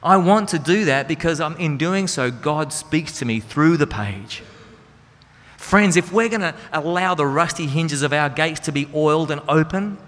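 A man's voice: fairly high pitch, normal speed, a bit bright. A man preaching a sermon in an earnest, conversational way, with rhetorical questions to his listeners. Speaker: Christian speaker and singer. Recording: reverberant hall with music behind.

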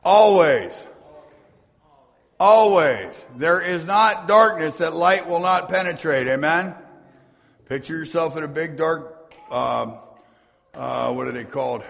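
Gravelly high-voiced preacher in a reverberant church. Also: male voice, sharp tone. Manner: preaching with rising fervor, reading scripture aloud, quick asides to the congregation. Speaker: pastor. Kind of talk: sermon. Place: church sanctuary. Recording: long hall reverb.

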